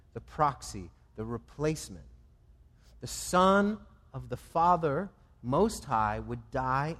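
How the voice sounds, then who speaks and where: A man's voice: on the high side, fairly bright tone. Man preaching in a reverberant hall. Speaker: pastor. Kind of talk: sermon.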